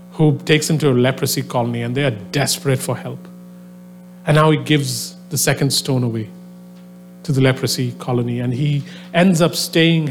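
A man's voice: mid-range voice, a little hiss or hum. A man preaching a sermon, telling a story conversationally with many fillers, then building into a fervent exhortation to his listeners. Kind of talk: sermon to a live audience. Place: venue with a soundboard.

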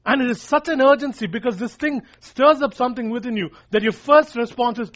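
A man with a notably high voice delivers an emphatic sermon, restating his key points and speaking straight to the congregation as "guys." The recording is dull and lo-fi, with the top end muffled. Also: a little fast, fairly bright tone. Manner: emphatic, repeats lines for emphasis, addresses listeners as guys. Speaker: preacher.

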